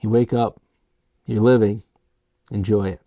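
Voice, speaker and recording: A man hosting his own beer review channel, talking in a relaxed, chatty way with rambling asides. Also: on the low side, unhurried, no room sound, muffled recording. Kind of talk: casual solo review.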